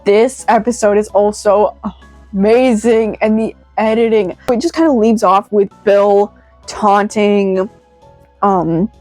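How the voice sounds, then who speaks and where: A woman's voice: mid-range voice, takes it slowly, no room sound, faint music behind. Rambling woman, lots of "like". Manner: rambling, many "like" fillers, excitable. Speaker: video reviewer. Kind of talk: casual commentary.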